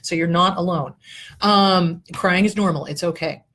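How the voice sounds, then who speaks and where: A woman's voice: on the low side, moderate pace, fairly bright tone. A middle-aged woman therapist hosting her weekly talk, speaking bluntly and passionately, swearing freely and rambling between points. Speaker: therapist and show host. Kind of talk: solo livestream talk.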